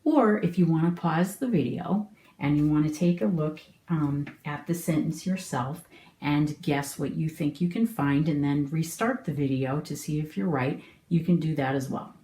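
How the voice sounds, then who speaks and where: A woman's voice: deep voice, normal speed, mellow, reverberant. A middle-aged woman teaching an online homeschool lesson, explaining patiently and asking the viewer questions.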